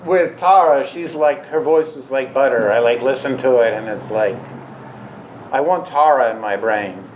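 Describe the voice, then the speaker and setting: A man's voice: medium pitch, moderate pace, a little hiss or hum. A man giving a Buddhist teaching talk to an audience, candid, humorous and self-deprecating. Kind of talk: dharma talk to a live audience. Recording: roomy, slightly dull talk recording.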